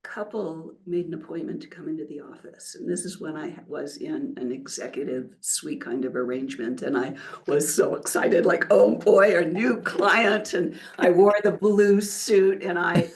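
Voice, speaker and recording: A woman's voice: deep voice, normal speed, hardly any pauses. An older woman, a wealth counselor, telling stories in a casual interview and acting out the quotes. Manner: animated storyteller who acts out quotes. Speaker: wealth counselor, podcast guest.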